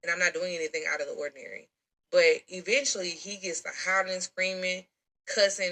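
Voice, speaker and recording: A woman's voice: fairly low pitch, fast, pushed and bright, rough recording. A woman tells her own story in a blunt, emphatic way, with a lot of slang. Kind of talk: recorded personal story.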